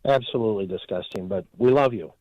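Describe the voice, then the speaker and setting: A male caller with a lowish voice who speaks in an earnest, measured and formal way. The sound is dull and muffled, as if on a phone line. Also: darkish tone, no echo. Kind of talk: call-in comment.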